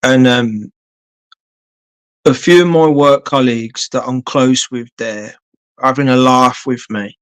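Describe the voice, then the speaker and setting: A man's voice: mid-range voice, slow, pauses often, fairly bright tone, smooth. A man telling a long story on a casual live stream, blunt and sweary, rambling with lots of fillers.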